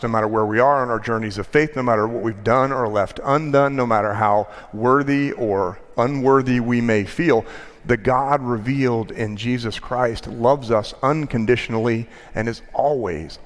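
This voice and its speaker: A male pastor delivering a sermon, telling a story with measured pauses and a storyteller's rhythm. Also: medium pitch. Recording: long hall reverb.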